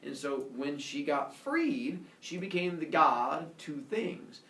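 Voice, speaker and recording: A man teaching a class, telling a myth in an animated, playful storytelling manner. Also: a little high, slow. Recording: echoey classroom from a distance.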